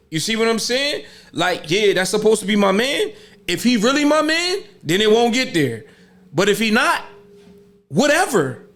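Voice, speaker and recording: A man's voice: sits high, sing-song, normal speed, fairly bright tone. A middle-aged man, co-hosting a podcast and explaining earnestly with lots of "you see what I'm saying". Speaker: podcast co-host. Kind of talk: casual podcast chat.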